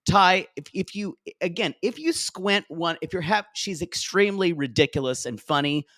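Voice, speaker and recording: A man co-hosting a podcast, recapping a reality show in casual chat, animated and quick to laugh. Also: high-pitched, no echo, studio quality. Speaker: podcast co-host.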